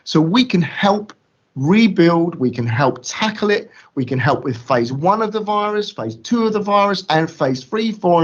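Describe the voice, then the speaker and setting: A man giving an impassioned motivational talk over a video call, emphatic and slangy, repeating words for effect. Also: a little high. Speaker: guest speaker. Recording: dull lo-fi call audio.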